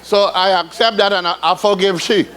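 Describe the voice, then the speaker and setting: A man's voice: sits high, fairly even intonation, normal speed, background noise. Older Trinidadian man, folksy stand-up. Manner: rambling, folksy storytelling in island dialect. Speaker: calypso comedian. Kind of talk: live stand-up storytelling. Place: ballroom stage before a live audience.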